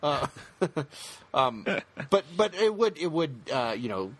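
A man co-hosting a casual podcast chat, talking in halting bursts with many restarts and fillers. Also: a little high, big pitch swings, a bit bright, husky.

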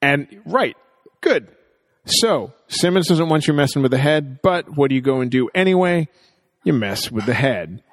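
A man's voice: on the high side, expressive, moderate pace, big-room sound. A man co-hosting a casual TV episode recap, thinking aloud in long, rambling analysis. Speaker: podcast co-host.

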